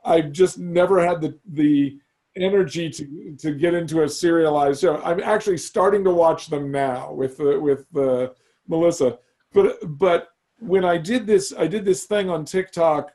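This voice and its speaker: A middle-aged man, a guest in a casual interview, tells long stories in a rambling way and often restarts his sentences. His voice sits a little high for a man. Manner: rambling, animated storyteller with many restarts. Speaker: guest, animation creator.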